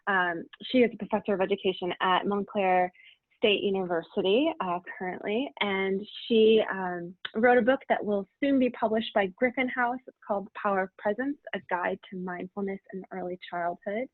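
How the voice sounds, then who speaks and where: A woman's voice: mid-range voice, normal speed, no room sound. A woman hosting a casual webinar interview, chatty and friendly, with lots of fillers. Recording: tinny dry phone-like audio.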